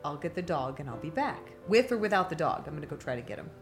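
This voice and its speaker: A middle-aged woman telling a long, animated anecdote on a talk show. She laughs often and acts out the voices of the people in her story. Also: low voice, quick pace, faint music behind.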